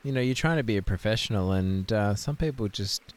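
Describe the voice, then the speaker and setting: A man's voice: on the low side, lively intonation, brisk. A young man hosting an improvised comedy podcast, mock-serious and rambling, with lots of hesitation. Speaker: podcast host.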